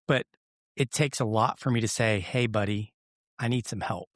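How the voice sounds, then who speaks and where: A man's voice: fairly low pitch, normal speed, dry recording. Candid man guest, dry close sound. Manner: candid, reflective, rambling storyteller. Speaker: interview guest. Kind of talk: casual interview chat.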